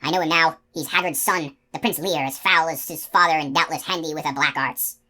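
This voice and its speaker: A woman voicing a gruff giant male outlaw who talks in a broad country dialect. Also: low-pitched, steady tone, fairly quick, bright, forceful tone. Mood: gruff, scheming.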